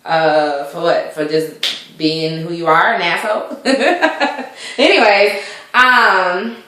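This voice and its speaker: A woman's voice: fairly low pitch, slow pace, bright, forceful tone, a little hiss or hum. Give me a woman vlogger rambling through a TV recap in a very echoey room. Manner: rambling, full of fillers and asides. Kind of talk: casual chatty recap.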